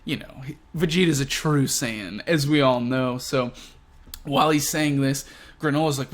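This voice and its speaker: A man's voice: medium pitch, normal speed. A man hosting a video discussion of a comic chapter, talking casually with many asides and fillers. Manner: chatty, fillers like "you know". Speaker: video host. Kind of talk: casual chat about comics.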